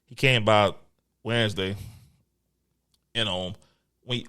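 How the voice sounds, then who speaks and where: A man's voice: lowish voice, slow pace, smooth. A man, co-hosting a podcast, telling a story in casual, profane chat and acting out the quotes. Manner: animated, profane, acts out quotes. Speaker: podcast co-host.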